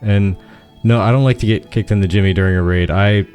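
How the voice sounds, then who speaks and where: A man with a low, dark and mellow voice talks through a casual gaming podcast. He explains things at length and often restarts his sentences. Faint music plays behind him. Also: steady tone, a little fast. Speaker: podcast co-host.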